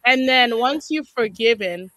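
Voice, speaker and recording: A woman's voice: fairly high pitch, animated, unhurried, a bit bright, poor audio. Woman, talk-show guest, emphatic, repeats her advice. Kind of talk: casual chat.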